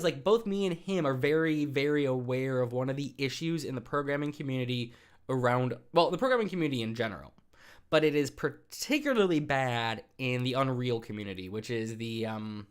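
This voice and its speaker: A medium-pitched man hosts a live stream, chatting casually with viewers. He rambles, teases, and laughs often.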